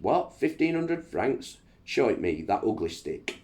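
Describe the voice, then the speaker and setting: A man's voice: mid-range voice, very animated, unhurried, a little mellow, pitched above the performer's own voice. A man reading as a teasing jovial emperor.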